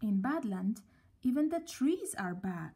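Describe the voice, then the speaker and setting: A woman reading a children's story aloud, gently and at a slow, storybook pace. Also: on the high side, very animated, husky.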